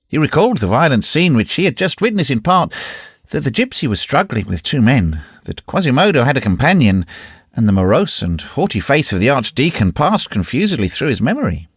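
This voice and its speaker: A male narrator reads a classic novel with a lively, swooping delivery that rises and falls widely. His voice has a slightly husky grain, recorded close and dry with no room around it. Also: medium pitch, no room sound. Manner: expressive, varied reading. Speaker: audiobook narrator. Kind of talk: scripted narration.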